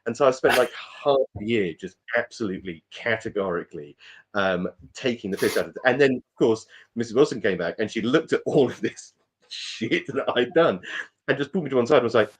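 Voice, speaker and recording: A man's voice: medium pitch, expressive, brisk, breathy edge. A British man co-hosting a casual chat show, telling stories in a jokey way and swearing now and then. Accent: British English. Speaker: podcast co-host.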